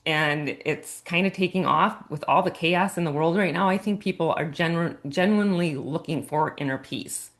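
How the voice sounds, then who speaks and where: Low-voiced woman coach explaining intuition. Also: normal speed, hardly any pauses. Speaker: guest coach and author. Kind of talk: casual podcast interview.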